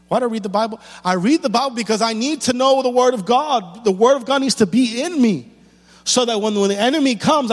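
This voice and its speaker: A man's voice: on the high side, in a large hall. A man preaching a sermon as pastor, building intensity with rhetorical questions and repeated lines.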